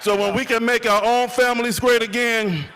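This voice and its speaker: A man warming up a crowd at a live event, with a preacher-like call-and-response delivery and rhythmic lists. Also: extremely high pitch, fairly even intonation, normal speed, low-quality recording. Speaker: event warm-up speaker. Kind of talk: rally hype speech.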